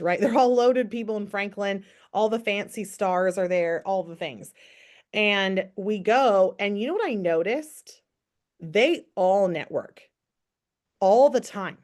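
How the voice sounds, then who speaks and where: A woman's voice: mid-range voice, normal speed. Upbeat woman coaching her sales team. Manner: upbeat, coaching, asks rhetorical questions. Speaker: network marketing team trainer. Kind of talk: casual training call.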